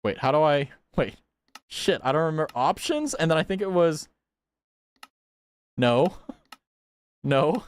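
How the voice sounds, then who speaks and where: Guy streaming a game, kinda high voice, bouncy and giggly, mangling foreign words. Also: lively intonation, unhurried, pauses often. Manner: playful, stumbling through foreign words. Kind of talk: casual live game commentary.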